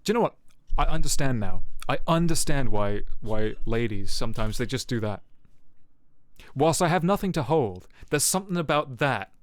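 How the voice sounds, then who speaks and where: A man's voice: medium pitch, animated, normal speed, no room sound. Rambling man, dry close sound. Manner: rambling storytelling with many fillers and swearing. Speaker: streamer. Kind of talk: casual chat with viewers. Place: home streaming setup.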